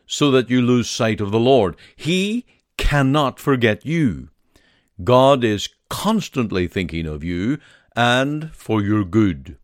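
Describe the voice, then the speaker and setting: A man delivers a devotional sermon, reading scripture and leading a prayer. His delivery is slow and measured, with lively, expressive pitch. He is recorded close to the mic in a dry room. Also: no room sound. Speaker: preacher.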